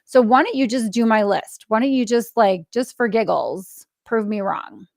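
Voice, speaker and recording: Animated middle-aged woman podcast host. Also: on the high side, normal speed, gravelly, dry recording, studio quality. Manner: animated storyteller acting out quoted dialogue; laughs often mid-story. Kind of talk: casual interview conversation.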